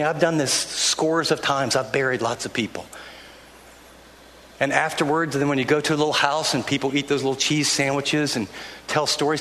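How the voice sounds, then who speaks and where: A man's voice: a little high, fairly bright tone, a little hiss or hum. Earnest older male pastor preaching in a hall. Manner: earnest, conversational preaching with frequent restarts. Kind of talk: sermon. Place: church sanctuary. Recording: long hall reverb, faint ambience.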